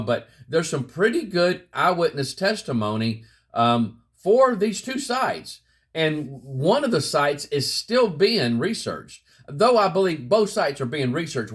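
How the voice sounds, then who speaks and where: A man with a husky, slightly breathy voice talks straight to his viewers in a relaxed, folksy Bible lesson. His pitch swings up and down freely. He repeats his points and keeps calling his audience "guys.". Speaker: Bible teaching channel host. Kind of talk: casual spoken Bible lesson to camera.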